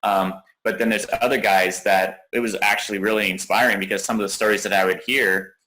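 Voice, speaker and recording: A man's voice: lowish voice, fairly even intonation, a little fast, pushed and bright, low-quality recording. A man in his thirties, a coaching client, talking about his progress in a rambling way with many restarts. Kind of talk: casual interview.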